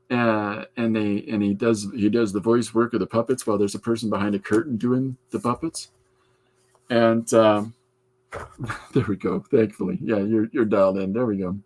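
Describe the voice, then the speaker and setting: A comic artist hosts a podcast, drawing in his art studio as he chats easily with live viewers and replies aloud to what they comment. The man's voice is mid-range with a darkish tone.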